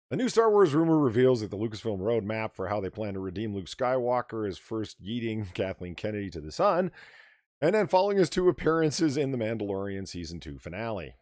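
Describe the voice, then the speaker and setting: Man, ranting, sarcastic, swearing, lively intonation, dry recording. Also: lowish voice, fairly quick, no echo. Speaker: podcast host. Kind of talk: casual livestream chat.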